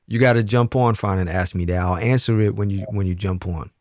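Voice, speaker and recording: A man's voice: lowish voice, brisk, darkish tone, no room sound, clean studio sound. A young man hosting a casual livestream chat, blunt and profane, often trailing off and restarting his sentences. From Brooklyn, New York. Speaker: livestream host.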